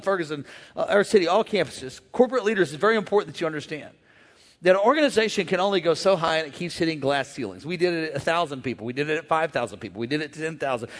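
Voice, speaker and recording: A male pastor delivers an animated sermon, urging the crowd to shout back. His voice sits high and swings widely in pitch. It rings with the long echo of a large hall. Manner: animated, call-and-response, acts out voices. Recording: echoey hall.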